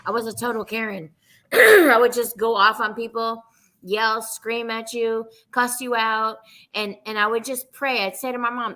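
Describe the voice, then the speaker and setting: A woman podcast host with a higher, steady, pushed and bright voice talks at a normal pace. In casual chat she tells candid, profane confessional stories about herself.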